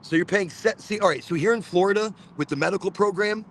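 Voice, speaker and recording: A man's voice: high-pitched, quick pace, a little hiss or hum. A man hosting a live cannabis podcast, chatting casually and rambling, often repeating words as he tells stories. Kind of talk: casual livestream chat. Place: Florida.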